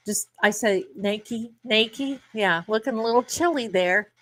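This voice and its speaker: A woman's voice: medium pitch, normal speed, fairly bright tone. A middle-aged woman hosting a live tarot stream, chatting casually and rambling to her viewers, calling them her darlings.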